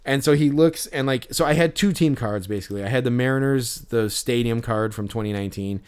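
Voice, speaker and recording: A man's voice: medium pitch, brisk, clear, resonant tone. A man hosting a podcast, telling a story in a rambling way, with many fillers and restarts. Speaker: podcast host. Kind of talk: casual podcast chat.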